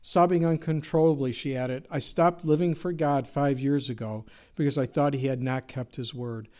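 A man's voice: mid-range voice, fairly even intonation, normal speed, a little mellow. A man preaching a sermon, telling an illustrative story with earnest delivery and quoting scripture. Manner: earnest storytelling, quotes scripture, asks rhetorical questions.

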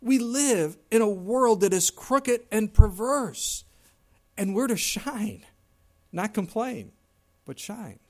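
A man's voice: high voice, lively intonation, slow pace, darkish tone. A middle-aged man preaching a sermon in a conversational way, now and then acting out whiny complaints in a raised voice. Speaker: pastor.

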